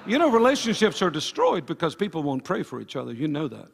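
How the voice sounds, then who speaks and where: A man's voice: on the high side, sing-song, quick pace, vocal fry. A man preaching a sermon as pastor at a church service, emphatic and full of repeated phrases. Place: church service before a congregation.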